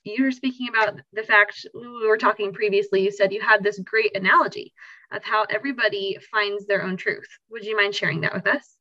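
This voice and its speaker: Bright-voiced woman podcast host. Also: mid-range voice, fairly even intonation, fairly quick, no echo, dull audio. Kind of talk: casual conversation.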